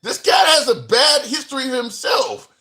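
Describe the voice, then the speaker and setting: Bright, high-voiced man arguing hard. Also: big pitch swings, unhurried. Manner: combative, emphatic, casual slang. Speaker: podcast co-host. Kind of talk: heated political debate.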